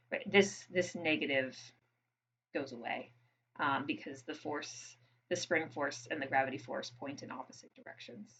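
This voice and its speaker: A woman with a notably low voice talks students through a lab exercise, casual and thinking aloud with ums and quick checks. The recording is a little dull, with faint room noise behind her. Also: a bit bright. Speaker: physics instructor. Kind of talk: screen-recorded lab walkthrough.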